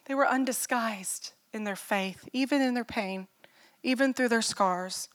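A woman's voice: on the high side, a little slow, clear, resonant tone. A middle-aged woman pastor preaching a sermon in an earnest, personal way, telling stories and asking the listeners questions.

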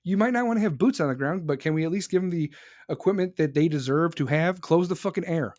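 A man's voice: a little high, quick pace, darkish tone, dry recording, studio quality. A young man hosting a show, ranting angrily and profanely about politics, heated and emphatic. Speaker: podcast host. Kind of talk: angry political rant.

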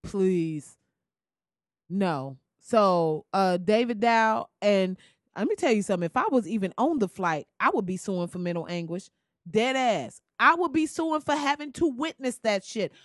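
A young adult woman delivering a loud, profane comedic rant, laughing and swearing as she tells the story. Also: medium pitch, lively intonation, unhurried, no echo, studio quality. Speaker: commentator.

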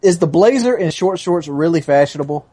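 A man's voice: on the high side, animated, a little fast, warm tone. A man talking as a podcast guest in casual chat, stammering a little and laughing as he tells stories. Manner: stammering, amused, laughs while telling stories.

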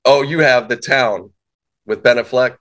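A man co-hosts a podcast in easy, casual chat. He sounds laid-back. He laughs often and answers his partner with quick agreement and short asides. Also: mid-range voice, fairly bright tone. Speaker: podcast co-host.

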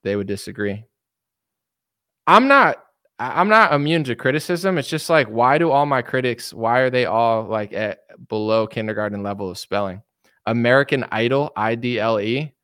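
A man's voice: mid-range voice, animated, normal speed, fairly bright tone, clear, resonant tone, no echo, clean studio sound. A young man hosting a livestream, talking casually and animatedly, rambling and mimicking imagined people. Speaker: streamer host.

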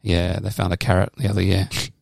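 A man's voice: low voice, little pitch movement, fast, vocal fry, dry recording, clean studio sound. A man co-hosting a casual podcast, rambling and joking through a news story and swearing freely. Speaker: podcast co-host.

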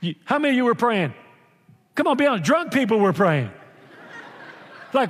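A man preaches with animated, joking energy and slips into little acted voices. His voice sits fairly high for a man. Long reverb from a church hall trails behind him. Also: moderate pace. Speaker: pastor. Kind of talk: sermon.

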